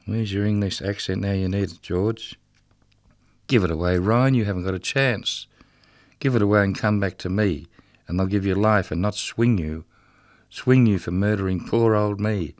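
A man's voice: on the low side, no echo, studio quality, close to an everyday voice. A man reading a rhythmic dramatic monologue as the ghost of a murdered, drunken prison guard, bitter and mocking. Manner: rhythmic, incantatory delivery.

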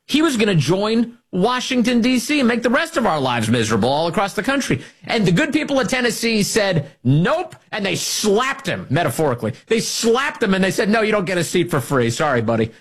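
Radio host guy, snarky and jokey, voice jumps all over, a bit husky. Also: on the high side. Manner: sarcastic, laughing, animated. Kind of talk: mocking political talk radio.

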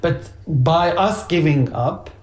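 A man's voice: a little high, slow, roomy sound. A man co-hosting a parenting chat, explaining his views with frequent restarts and repeated words. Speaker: co-host, parent.

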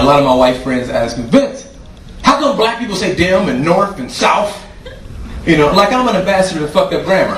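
A male comedian doing stand-up as a profane, incredulous rant. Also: a little high. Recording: echoey, distant, loud background noise.

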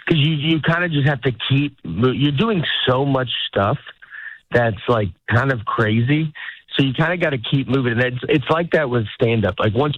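A man's voice: medium pitch, dry recording. A middle-aged man, a stand-up comedian, chatting casually and rambling, acting out the lines he quotes. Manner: rambling, self-interrupting, acts out quoted lines. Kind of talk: casual interview chat. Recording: dull lo-fi sound.

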